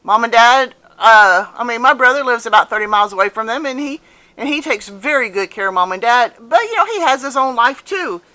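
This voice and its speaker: Bright-voiced woman in her fifties. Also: on the high side, lively intonation, brisk. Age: 50s. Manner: emphatic and earnest, repeats phrases for stress. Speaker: vlogger. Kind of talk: casual personal storytelling to camera.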